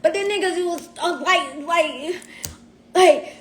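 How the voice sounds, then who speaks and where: A woman telling a story on a casual livestream. She is animated and profane, and talks straight to her viewers. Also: very high-pitched, slow pace, slight background noise.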